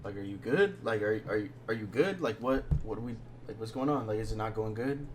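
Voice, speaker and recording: A man's voice: fairly low pitch, brisk, slight background noise. Slangy young man telling a story. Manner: slangy, rambling, drops to hushed tones when quoting. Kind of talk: casual storytime monologue.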